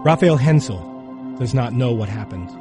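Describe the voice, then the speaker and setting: A man reading scripted documentary narration in a measured, somber and unhurried way, recorded close on a studio mic. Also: medium pitch, lively intonation, music in the background.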